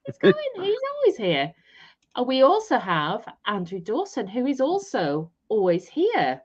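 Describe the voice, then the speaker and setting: A woman's voice: on the high side, wildly swooping pitch, measured pace, breathy edge, lo-fi sound. A married woman co-hosting a live stream from a caravan, chatting casually with giggles and playful teasing. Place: caravan in mid Wales, rain outside.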